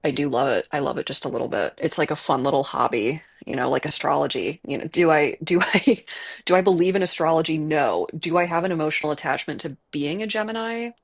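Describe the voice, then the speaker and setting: Chatty streamer with a Chicago accent and vocal fry. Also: medium pitch, a little fast. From Midwest United States. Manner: rambling and chatty, with many fillers and self-aware laughs. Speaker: game streamer. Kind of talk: casual live-stream chat while gaming. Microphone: earbuds with a desk mic setup.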